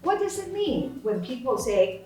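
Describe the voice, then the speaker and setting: A woman lecturer explains ideas unhurriedly, with a lively, rising and falling voice. She sounds distant from the mic, and the room echoes strongly. Faint music plays under her. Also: high voice, unhurried. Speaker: course instructor, sociolinguist. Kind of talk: teaching dialogue.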